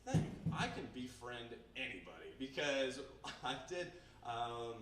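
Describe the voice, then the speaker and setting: A man's voice: mid-range voice, very animated, a little slow, fairly bright tone. A young man performing a self-deprecating stand-up comedy set on a small bar stage, often laughing at his own jokes. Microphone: handheld camera recorder in the audience. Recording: roomy bar recording from a distance, crowd noise. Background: audience laughter.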